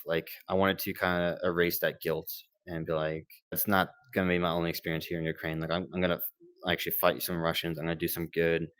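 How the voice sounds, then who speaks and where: A young man with a low, deep voice tells his story in a relaxed, rambling way, full of "like" and acted-out dialogue. The sound is dry and close, with no room around it. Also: clean tone, dry recording. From United States. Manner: laid-back, rambling, lots of fillers and quoted dialogue. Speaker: former Marine combat medic recounting war experience. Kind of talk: casual storytelling interview.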